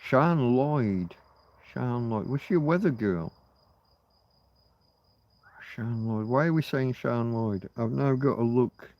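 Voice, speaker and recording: A man's voice: medium pitch, takes it slowly, pauses often, dry recording, muffled recording. A middle-aged man hosting a casual livestream outdoors at night. He rambles, muses aloud and swears offhandedly. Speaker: livestream host.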